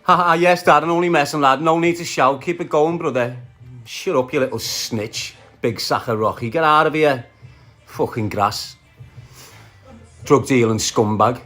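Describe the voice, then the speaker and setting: A man's voice: mid-range voice, normal speed, a bit bright, faint music behind. A man with a Liverpool Scouse accent ranting on a phone livestream, aggressive and profane, trading insults while greeting viewers by name. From Liverpool, England. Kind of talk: casual livestream rant.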